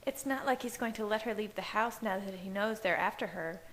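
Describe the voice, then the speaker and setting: A woman's voice: medium pitch, a little fast, a bit bright, close to an everyday voice. A woman reading a fanfiction aloud, voicing a cold, sarcastic young female vampire in a raised voice.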